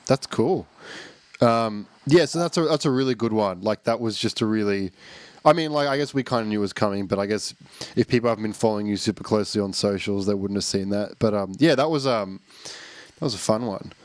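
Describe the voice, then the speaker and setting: A young man hosting a band podcast, chatting casually with quick, jokey asides. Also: fairly low pitch, dry recording.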